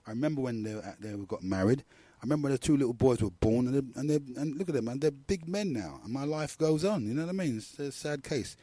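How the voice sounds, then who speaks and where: Rambling London man, mellow and dry. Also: mid-range voice, animated, quick pace, husky, no echo. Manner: rambling, slangy storytelling. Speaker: radio talk show host. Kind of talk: casual monologue.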